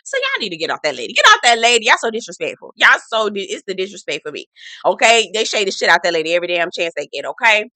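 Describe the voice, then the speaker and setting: A woman hosting a casual TV recap, sassy, animated and full of profanity. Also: mid-range voice, fast talker, dry recording. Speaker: TV recap host. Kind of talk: casual chat.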